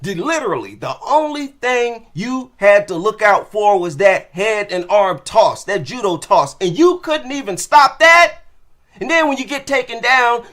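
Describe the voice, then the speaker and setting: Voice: mid-range voice, pushed and bright. Blunt, scolding fight commentator. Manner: blunt, scolding, fires rhetorical questions; casual and slangy. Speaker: combat sports commentator. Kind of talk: post-fight rant to camera.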